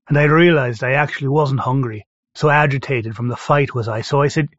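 A man's voice: medium pitch, dry recording. Man narrating in a dry, muffled recording. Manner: steady, measured storytelling. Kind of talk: first-person audiobook narration. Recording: dry, slightly dull recording.

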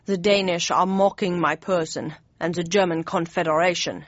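This dry, slightly dull studio recording has a woman using her natural, lowish, steady voice to portray an old male German chancellor in an audiobook. The character is pompous and hot-tempered, speaking in stiff, jumbled formal phrases, and she delivers him with slow, heavy, blustering deliberation.

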